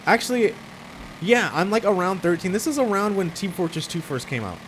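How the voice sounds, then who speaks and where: A young man telling a rambling personal story in casual chat, full of restarts and flaring up loud when annoyed. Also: high-pitched, big pitch swings, a little fast, a little hiss or hum. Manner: rambling with many restarts, gets worked up and loud. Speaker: podcast host telling a story.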